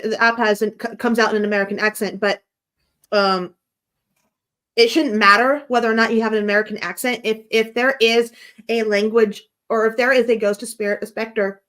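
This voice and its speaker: A woman's voice: fairly high pitch, a bit bright. A woman in a casual chat, talking in long rambling turns full of restarts and questions. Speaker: guest from the American team.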